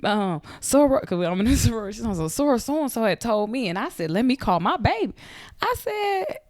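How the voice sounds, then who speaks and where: A woman's voice: fast, dry recording. A woman in her thirties, a podcast co-host, telling a story casually and acting out the voices in it. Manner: animated, acts out quoted voices with big pitch jumps. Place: Atlanta.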